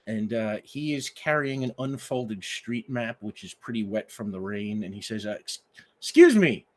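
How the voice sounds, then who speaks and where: A man acting as game master, calmly setting the scene as he narrates a tabletop game. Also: on the low side, normal speed. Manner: relaxed, scene-setting storyteller.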